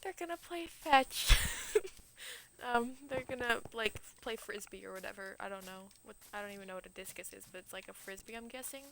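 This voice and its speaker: A woman's voice: medium pitch, fairly quick, vocal fry, sharp tone, slight background noise, poor audio. A young adult woman streamer telling a myth in a rambling, slangy way, full of "like" and "um". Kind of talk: casual storytelling on a stream.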